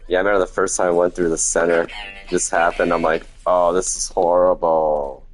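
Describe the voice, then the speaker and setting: A man giving low-key, casual commentary while playing a video game on stream, muttering to himself as he goes. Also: flat delivery, brisk, faint music behind. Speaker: gaming streamer.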